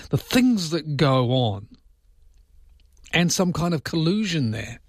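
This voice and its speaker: A man's voice: fairly high pitch, big pitch swings, slow, dry recording, studio quality. A man hosting overnight talk radio, chatting casually with jokey, self-mocking asides. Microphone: studio microphone.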